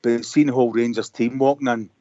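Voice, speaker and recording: A man calling in to a radio show, telling an excited rambling story full of fillers. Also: medium pitch, fast, dry recording. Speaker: caller. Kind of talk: phone-in call. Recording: dull lo-fi phone call.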